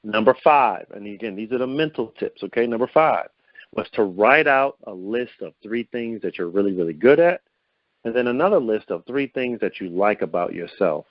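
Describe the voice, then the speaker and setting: A man hosting a confidence coaching call, speaking in an upbeat way, asking his listeners many rhetorical questions and swinging his pitch up and down as he talks. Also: normal speed, no echo. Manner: lively pitch swings to show vocal variety. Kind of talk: motivational teleconference talk. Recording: dull lo-fi phone-call audio, dry.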